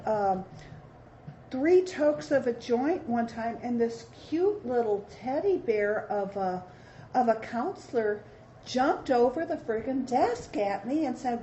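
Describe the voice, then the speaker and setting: Middle-aged woman, AA speaker, candid and wry; mellow, slightly high voice; roomy, dull recording. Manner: candid, self-deprecating storytelling. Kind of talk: recovery talk to a meeting. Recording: roomy, dull hall recording with faint hiss.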